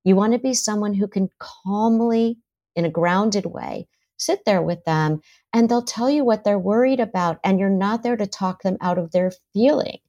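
A woman's voice: mid-range voice, normal speed, highs cut off. A middle-aged woman, a therapist, talking in a podcast interview and acting out what parents and children say. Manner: animated, acts out parents' and children's voices. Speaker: therapist and author, guest.

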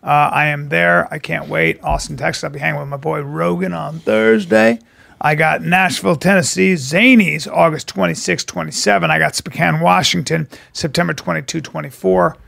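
A man co-hosting a podcast, with a heavily gravelly, fried voice pitched fairly high. He throws in loud, profane exclamations. The talk is loose and casual. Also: steady tone, normal speed. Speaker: podcast co-host and comedian.

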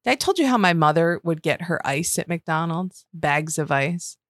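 Low voiced woman cohost, candid and sweary, dry close mic. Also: expressive, normal speed, dry recording. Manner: storytelling, candid and profane. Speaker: podcast co-host. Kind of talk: casual chat.

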